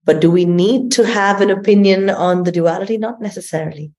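A woman speaking as a guest transformation coach in a spiritual conversation, expressive and often laughing as she tells stories. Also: medium pitch, fairly quick. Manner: expressive storyteller, laughs often and acts out quotes.

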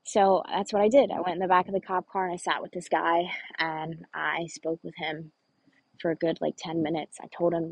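A woman's voice: lowish voice, level tone, moderate pace, gravelly, breathy edge, dry recording, low-quality recording. A woman telling a true personal story in an earnest, conversational way, often saying "like". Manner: earnest, conversational, frequent "like" fillers.

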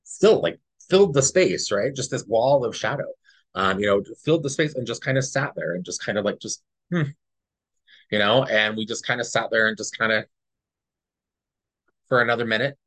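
A man's voice: mid-range voice, animated, normal speed, fairly bright tone, no echo. A man co-hosting a podcast, earnestly telling a personal story in a rambling, casual way and often checking in with "right?". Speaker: podcast co-host.

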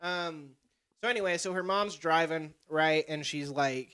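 A man's voice: fairly high pitch, fairly even intonation, moderate pace, a bit bright, smooth. A young man hosting a podcast, telling a story in casual chat and swearing freely. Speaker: podcast host.

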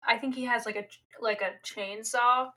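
A young woman co-hosting a podcast, dropping wry, teasing remarks in casual chat. Her voice sits a little high and sounds bright. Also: steady tone, normal speed. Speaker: podcast co-host.

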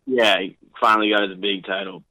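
A young man in his twenties talks loosely and rambles, stacking up fillers as he chats on a podcast. His voice sits a little low but has a bright, forward edge. The sound is close and dry. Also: fairly even intonation, brisk, dry recording, low-quality recording. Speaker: podcast guest, wrestler. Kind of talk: casual podcast chat.

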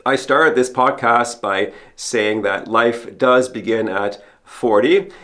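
A man's voice: mid-range voice, takes it slowly, fairly bright tone. Earnest man preaching a homily. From Canada. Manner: earnest, repeats a refrain for emphasis. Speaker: priest hosting a podcast homily. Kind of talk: sermon.

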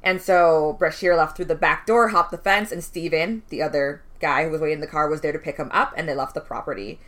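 Young woman, low pitch with a bright edge, telling a true crime case with casual ums. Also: a little fast. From West Indian family, immigrant parents. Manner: relaxed storytelling with frequent ums, laughs between lines.

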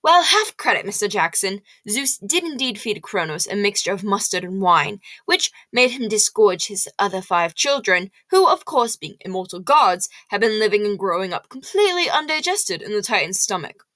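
A woman's voice: mid-range voice, very animated, bright, forceful tone, no room sound. A woman voicing a stern, formal male teacher. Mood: lecturing. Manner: measured, formal, lecturing. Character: stern, learned middle-aged male teacher. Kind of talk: audiobook character voice.

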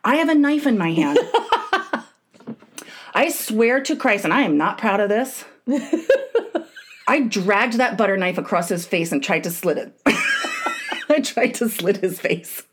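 A woman in her thirties co-hosting a podcast, telling a story in a profane, animated way with loud bursts. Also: medium pitch, slow, pauses often, slight background noise. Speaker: podcast co-host. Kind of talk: casual chat.

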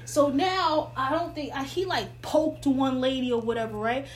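A woman's voice: sits high, moderate pace, heavy background noise. A woman telling funny stories in casual, slangy chat, laughing often.

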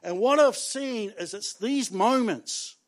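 A man preaching a sermon as pastor, animated and conversational, acting out the inner voices of people in the story. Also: high voice, takes it slowly.

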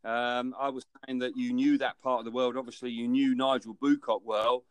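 A man's voice: medium pitch, flat delivery, moderate pace, smooth, no room sound. A man co-hosting a casual chat on a video call, banters and jokes around. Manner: jokey, banters, says mate. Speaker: co-host.

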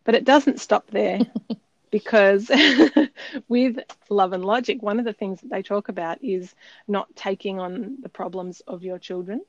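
A woman's voice: medium pitch, a little slow, darkish tone, no room sound. A woman co-hosting a podcast, telling a personal story in an earnest, reflective way with frequent ums. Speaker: podcast co-host. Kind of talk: casual storytelling chat. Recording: slightly dull dry recording.

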